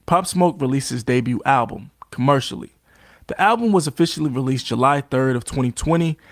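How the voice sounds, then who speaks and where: A man reading documentary narration in a steady, factual way. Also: medium pitch, no room sound, studio quality. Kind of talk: scripted narration.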